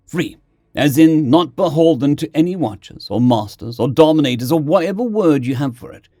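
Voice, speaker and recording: A friendly, blunt soldier, played by a man, talks in an easygoing, slangy way. The delivery is animated and moves freely in pitch, and the sound is close and dry for an audiobook story. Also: dry recording. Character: laid-back human soldier, friendly and blunt.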